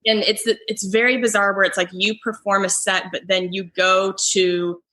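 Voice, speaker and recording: Chatty young woman with a bright voice. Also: mid-range voice, little pitch movement, normal speed. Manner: chatty, lots of "like" fillers. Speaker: comedian and foosball player guest. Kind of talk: casual podcast chat.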